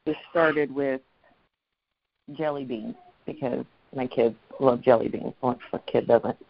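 A woman co-hosting a podcast, telling family stories in a warm, anecdotal way. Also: rumbling low, measured pace, creaky, slight background noise. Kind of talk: casual storytelling chat. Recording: dull sound.

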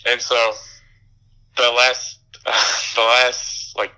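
A man's voice: mid-range voice, completely flat delivery, takes it slowly, bright, forceful tone, clean tone, rough recording. A young man co-hosting a podcast, giving an angry, profane rant with laughs. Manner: ranting, profane, laughing through bits. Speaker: podcast host. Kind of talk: casual film review chat.

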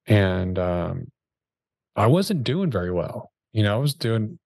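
A man telling a story about his sales career in a relaxed, slangy way, with many fillers and restarts. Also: fairly low pitch, takes it slowly, vocal fry, dry recording. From Dallas area, Texas. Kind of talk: casual podcast storytelling.

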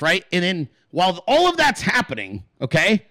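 A man hosting his own show in a loose, swear-heavy rant, his pitch swinging wide as he acts out little voices in his stories. His voice sits a bit high for a man, and the sound is dry and close with no room echo. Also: wildly swooping pitch, moderate pace, hardly any pauses, sharp tone. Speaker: podcast host. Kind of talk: casual profane rant.

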